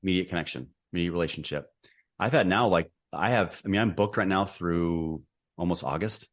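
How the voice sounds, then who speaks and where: Deep-voiced earnest male guest. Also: a little fast. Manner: earnest, rambling with frequent restarts. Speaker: podcast guest and author. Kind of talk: casual interview conversation.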